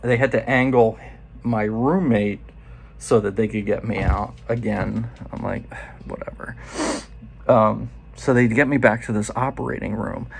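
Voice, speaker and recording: A man's voice: medium pitch, creaky, husky. A man in his forties telling a loose, profane story in a casual first-person way. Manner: loose and profane, quoting others in quick asides.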